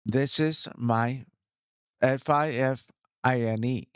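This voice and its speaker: A man chatting in a casual vlog about his new microphone setup, excited, repeating himself and talking straight to viewers on a studio mic. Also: mid-range voice, slow, smooth, dry recording. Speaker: streamer reviewing his gear. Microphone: studio microphone, swapped between two.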